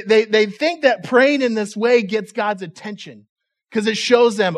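A man's voice: high voice, normal speed. A male pastor giving a conversational, humorous sermon, often repeating words as he restarts.

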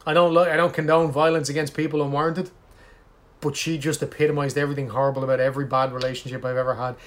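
A man's voice: mid-range voice, flat delivery, quick pace, fairly bright tone. A man in casual chat with a friend, ranting animatedly and swearing heavily.

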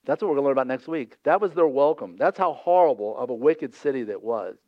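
A male pastor preaching a sermon in a lively, conversational way, acting out voices from the scripture scenes. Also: medium pitch, quick pace, no room sound, muffled recording.

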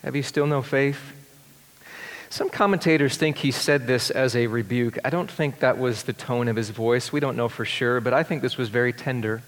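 A man preaching a sermon as pastor, swinging between excited rising questions and hushed, tender passages. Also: mid-range voice, fairly quick, hardly any pauses. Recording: long hall reverb.

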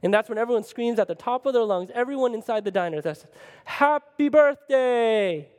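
Male pastor, sermon storytelling, animated and chatty, somewhat high voice, long church-hall reverb. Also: quick pace. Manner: animated, conversational, keeps asking "right?".

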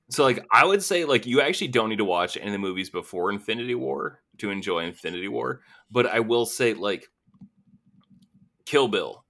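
A man's voice: on the low side, a bit bright. A young adult man hosting a podcast, talking emphatically and profanely in casual chat, laughing often. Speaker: podcast host.

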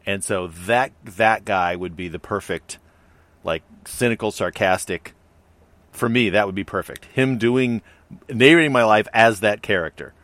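Low-voiced man rambling in casual chat. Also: measured pace, fairly bright tone, no room sound. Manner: rambling, many fillers and restarts. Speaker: podcast co-host.

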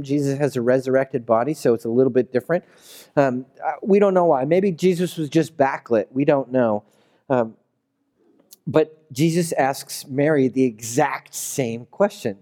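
A man's voice: medium pitch, mellow. A man preaching a sermon as a pastor, in a loose, conversational storytelling way. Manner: conversational storytelling, acting out characters.

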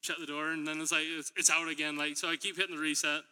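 In a church hall with long reverb, a man who is both a preacher and a middle school teacher delivers a sermon. His voice is on the high side, level, fast and sharp, with a clean tone. He tells chatty stories, laughs often and acts out what people said.

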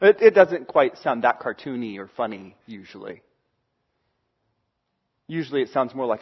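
A man's voice: mid-range voice, big pitch swings, normal speed, pauses often, breathy edge, muffled recording. A man preaching a sermon in a conversational way, acting out the voices he quotes. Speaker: pastor.

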